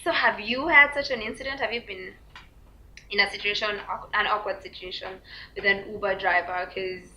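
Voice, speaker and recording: A young woman telling a storytime to her vlog viewers, full of fillers and likes, acting out quotes in a high squeaky voice. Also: steady tone, moderate pace, sharp tone, a little hiss or hum. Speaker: vlogger. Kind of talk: casual storytime chat. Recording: dull lo-fi recording.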